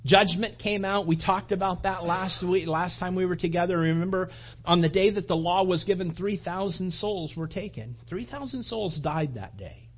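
A man preaching a sermon, telling a personal story in an animated way and acting out his own thoughts. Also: high voice, moderate pace, lo-fi sound, slight background noise. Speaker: pastor.

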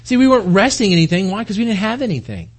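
A pastor from the United States, a man in his forties, delivers a folksy, conversational sermon to his congregation in a church hall, full of rhetorical questions. His voice is high and husky, with a sing-song, rapid-fire delivery.

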